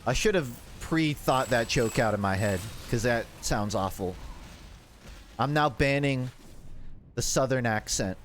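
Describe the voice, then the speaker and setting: A man's voice: medium pitch, animated, unhurried, a little hiss or hum. A man streaming a game, chatting casually in a rambling, self-mocking way and laughing often. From United States. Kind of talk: casual gaming livestream chat.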